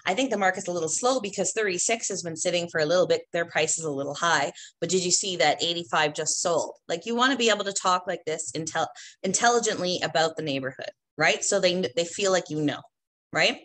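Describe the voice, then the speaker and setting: A woman's voice: fairly low pitch, lively intonation, fairly quick, a bit bright, a little hiss or hum. A woman, a real estate trainer, teaching agents in a chatty, emphatic way and tagging her points with "right?". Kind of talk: instructional talk to agents.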